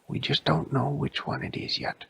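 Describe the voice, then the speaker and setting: A man voicing a friendly, matter-of-fact half-built robot fox in a soft bedtime-story voice. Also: medium pitch, steady tone, moderate pace, creaky, husky, no echo, voice pushed up, full character voice.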